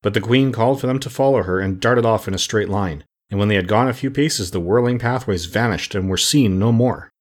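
Low husky guy narrating a storybook, steady and measured. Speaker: audiobook narrator.

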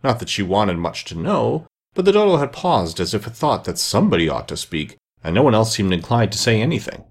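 A man's voice: on the low side, sing-song, brisk, breathy edge. A man reading a classic children's story aloud, narrating expressively. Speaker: reader.

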